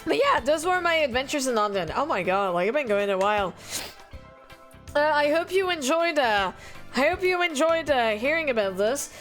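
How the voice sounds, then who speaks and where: Young French-accented woman streamer, high-pitched, rambling casual chat over faint background music. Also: big pitch swings, normal speed, fairly bright tone. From France. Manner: rambling and giggly, reading chat aloud.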